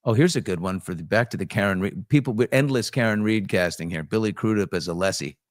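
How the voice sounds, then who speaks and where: A man with a low-pitched voice hosts a loose, conversational show. He riffs on the news and on viewer comments, with plenty of ums and restarts. The sound is dry and close, with no room around it. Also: fast talker, dry recording. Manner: chatty, off-the-cuff, frequent ums and restarts. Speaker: host. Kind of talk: casual morning chat reading viewer comments.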